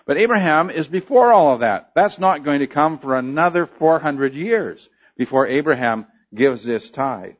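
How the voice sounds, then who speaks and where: A man's voice: a little high, animated, moderate pace, hardly any pauses, lo-fi sound. A man preaching a sermon, explaining a scripture passage unhurriedly with frequent fillers and restarts. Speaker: pastor.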